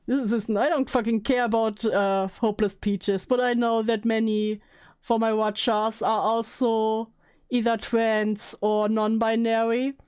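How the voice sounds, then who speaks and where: Sarcastic woman streamer, high voice. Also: little pitch movement, measured pace, darkish tone, clean tone. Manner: sarcastic, swears, laughs often. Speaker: commentary streamer. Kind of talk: casual reaction commentary.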